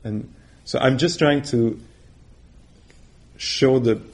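A middle-aged man teaches meditation in a relaxed, chatty way. He laughs easily and slips into other people's voices when he quotes them. His voice sits at an ordinary male pitch. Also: slow, vocal fry. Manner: warm, conversational, laughs often, acts out quoted voices. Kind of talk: dharma talk.

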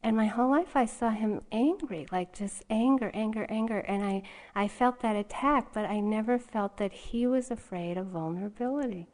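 Woman meditation teacher, casual storyteller, quick to laugh, informal talk to a retreat audience. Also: fairly high pitch, a little mellow. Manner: conversational storytelling with frequent laughter. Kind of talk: dharma talk. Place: retreat hall.

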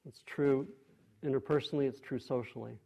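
A man teaching meditation, giving a dharma talk to a group in a meditation hall, thoughtful and unhurried, with frequent pauses and restarts. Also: mid-range voice, fairly even intonation, creaky, mellow, breathy edge.

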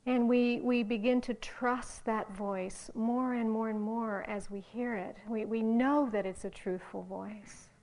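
A woman meditation teacher giving a dharma talk, gentle and halting, dropping into soft whispers on some phrases. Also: fairly high pitch, steady tone. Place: meditation hall.

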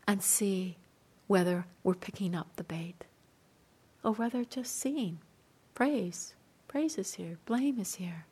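Gently and without hurry, a female meditation teacher delivers a dharma talk in a soft-spoken, husky, medium-pitched voice, laughing lightly between points.

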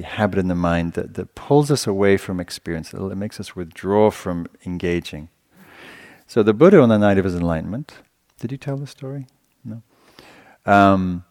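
A male meditation teacher giving a dharma talk in a gentle, conversational way, often searching for words. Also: low-pitched.

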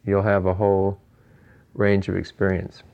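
A man with a low voice gives an informal dharma talk on meditation. He thinks aloud in a loose, musing way, chuckling often and leaning on "you know" between points. His delivery is unhurried and conversational. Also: monotone, creaky, darkish tone, lo-fi sound. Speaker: meditation teacher.

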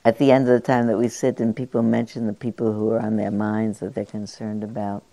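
An older woman, a meditation teacher, giving a musing dharma talk with gentle pauses and fillers. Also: rumbling low, little pitch movement.

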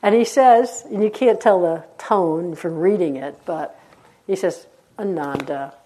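Mellow-voiced woman giving a dharma talk. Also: fairly low pitch, measured pace, a little hiss or hum. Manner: warm conversational storytelling, laughs often. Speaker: meditation teacher.

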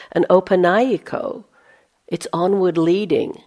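A woman's voice: medium pitch, moderate pace, mellow. A woman meditation teacher giving a dharma talk, conversational, with playful self-mocking asides and dips into a near-whisper. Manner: drops to a near-whisper for inner thoughts.

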